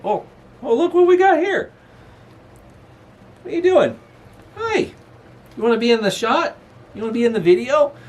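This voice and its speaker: A man's voice: medium pitch, a bit bright, a little hiss or hum. A middle-aged man rambles through a casual home vlog, chuckling now and then. His voice rises and falls a lot. A faint room ambience sits underneath. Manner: rambling, chuckling, talks baby-talk to his dog. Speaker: channel host. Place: apartment room.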